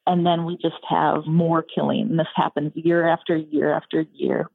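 A female conservation advocate explains earnestly in a low, flat voice. Her tone is gravelly and husky, and it comes through a thin, phone-like line. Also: moderate pace, dry recording.

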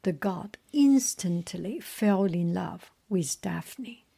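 A woman in whispered storytelling, softly reading a myth and adding her own asides. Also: lowish voice, lively intonation, slow, creaky, slightly rough.

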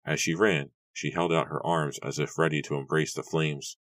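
A man reading a horror novel aloud in steady, even scripted narration. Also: rumbling low, normal speed, no echo, distant mic. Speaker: audiobook narrator.

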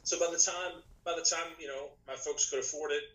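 A man, a podcast guest and musician, telling his story in casual chat, rambling with many restarts, his voice slightly rough tonight. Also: on the high side, steady tone, fairly quick, sharp tone, poor audio. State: slightly rough voice, clearing throat.

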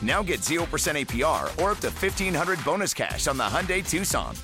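A man's voice: on the high side, big pitch swings, brisk. A man reading an ad, polished and upbeat. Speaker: ad announcer. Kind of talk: upbeat ad read. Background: music.

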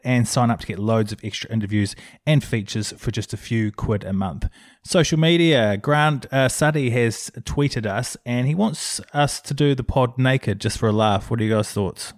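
A man hosts a sports podcast, reading a plug and listener messages in a brisk presenter's manner. His voice is mid-pitched and recorded dry. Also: no room sound. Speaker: podcast host.

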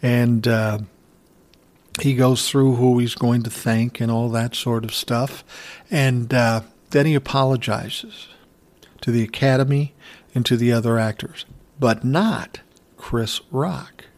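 Guy talking real slow, chill profane recap, ordinary middle voice. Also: medium pitch, fairly even intonation. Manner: unhurried, profane, chuckles as he talks. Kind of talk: casual spoken commentary retelling an event.

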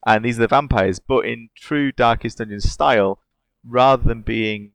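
Speaking at a moderate pace with a medium pitch and some vocal fry, this games podcast co-host is enthusiastic and quick to laugh. It's casual chat, recorded with no room sound.

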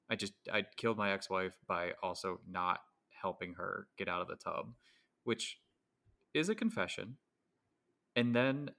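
A man's voice: medium pitch, sharp tone. A man co-hosting a podcast, casually retelling a movie plot with laughs and restarts. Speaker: podcast co-host. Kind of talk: casual chat.

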